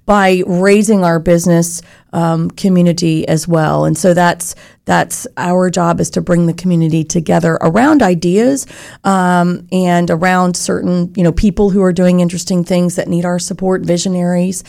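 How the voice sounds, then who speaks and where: A woman's voice: fairly low pitch, steady tone, normal speed, vocal fry, a little mellow. A woman leading a chamber of commerce, speaking earnestly and articulately in an interview conversation. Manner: earnest, articulate, explains with examples.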